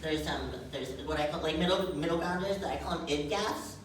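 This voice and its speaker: A woman performing a stand-up comedy set on stage, chatty and animated, often checking in with "right?". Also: sits low, a little fast. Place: comedy stage, live crowd. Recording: very echoey room, distant mic, noisy.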